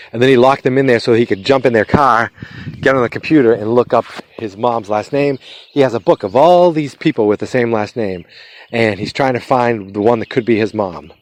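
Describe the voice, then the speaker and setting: A man hosting a podcast, casually retelling a movie's plot in a loose, rambling way, with many fillers and restarts. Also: mid-range voice. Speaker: podcast host.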